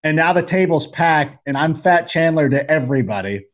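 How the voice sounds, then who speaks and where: A man chatting as a podcast guest, telling jokey stories in an animated way. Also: a little high, normal speed. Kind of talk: casual storytelling chat.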